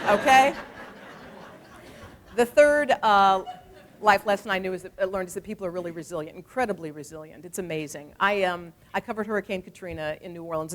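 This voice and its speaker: A woman in her forties giving a talk, telling stories in a lively, animated way and acting out the people she quotes. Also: medium pitch. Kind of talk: storytelling speech.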